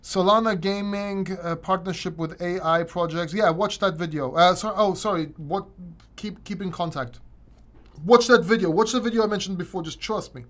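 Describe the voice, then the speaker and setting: Male host, high voice, loose rambling livestream Q&A delivery with lots of restarts. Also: moderate pace, a bit bright. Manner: casual, rambling, frequent restarts. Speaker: crypto channel host.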